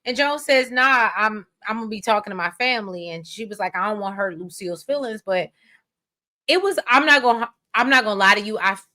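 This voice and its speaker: An American woman chatting casually as a co-host, her voice bright and forward. She tells stories in an animated, rambling way, full of asides and sudden emphasis. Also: medium pitch, a little fast. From United States. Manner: animated, rambling, expressive storytelling. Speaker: podcast co-host. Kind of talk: casual recap chat.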